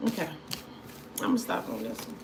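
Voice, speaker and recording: A woman, chatting casually with viewers as a tarot reader on a livestream, animated and repetitive. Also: moderate pace, very noisy. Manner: animated storytelling, repeats phrases, talks to viewers.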